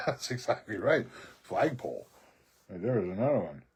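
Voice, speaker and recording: A man's voice: fairly low pitch, big pitch swings, normal speed, slight background noise. A man telling a rambling, profane story in a rant, often laughing mid-sentence. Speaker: social media video creator.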